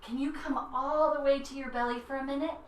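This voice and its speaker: A woman's voice: sits high, steady tone, fast talker, a little hiss or hum. A woman guiding a children's yoga class in a playful, encouraging way. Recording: roomy echo, mic at a distance.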